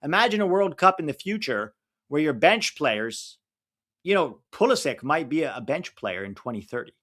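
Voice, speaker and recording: A man's voice: fairly high pitch, big pitch swings, normal speed, a bit bright. A man hosting a live football watch-along stream, chatting casually, rattling off lists and laughing as he answers viewers.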